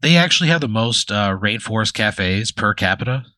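A man with a low-set voice and a bright, forceful edge rambles through an improvised comic story. He swears freely and keeps restarting his sentences. The sound is dry and close. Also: lively intonation, normal speed, dry recording. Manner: rambling, profane, full of fillers and restarts. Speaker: comedy podcast host.

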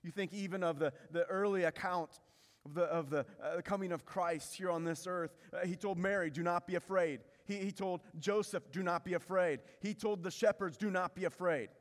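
A man preaching a sermon as pastor, building intensity through repetition and dropping low to stress key lines. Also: moderate pace, in a large hall.

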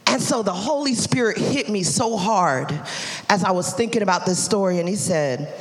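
Woman preacher with a bright voice in a reverberant hall. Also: a little high, a little fast. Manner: conversational, storytelling preaching that builds to shouting. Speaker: pastor. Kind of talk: sermon. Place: church sanctuary. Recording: live church hall with long reverb.

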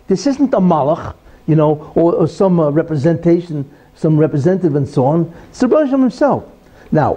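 A religious teacher with a somewhat high, mellow, husky voice gives a conversational Torah lesson. He poses rhetorical questions and explains terms as he goes.

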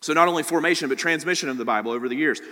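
A man's voice: fairly high pitch, racing, sharp tone. A male pastor preaching a sermon in a conversational teaching manner, constantly checking in with "right?". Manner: conversational teaching, frequent "right?" tag questions. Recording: long hall reverb.

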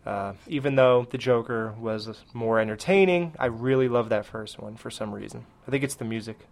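Male podcast co-host, mid-pitched, chatty and opinionated reviewer. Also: normal speed, vocal fry. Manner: animated, opinionated, many "like"s. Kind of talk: casual movie review chat.

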